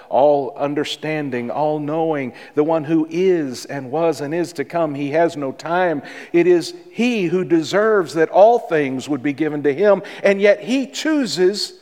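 A man pastor preaching a sermon in a church, with dramatic pauses and repeated words for emphasis. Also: fairly high pitch, darkish tone, big-room sound. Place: church sanctuary.

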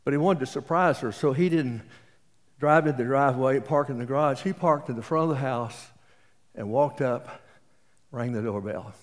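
A man's voice: mid-range voice, normal speed. Folksy East Texas preacher in his seventies. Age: 70s. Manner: folksy storytelling with jokes. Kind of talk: sermon. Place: auditorium. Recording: reverberant auditorium.

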